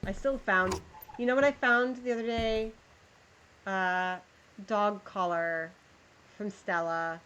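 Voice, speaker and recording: A woman's voice: mid-range voice, steady tone, slow pace, long pauses, a bit bright, muffled recording, a little hiss or hum. A woman livestreaming, chatting with her viewers as she plays a game and reads a story aloud. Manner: chatty, talks to chat while playing. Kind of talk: live game commentary and storybook reading.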